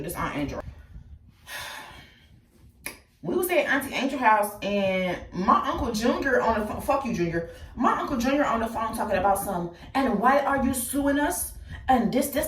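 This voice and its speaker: A woman telling her life story candidly and bluntly, cursing freely, talking straight to her listeners and swinging between loud outbursts and quiet asides. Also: a little high, far from the mic. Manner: blunt and profane, addresses listeners directly. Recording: echoey room, speaker set back from the mic.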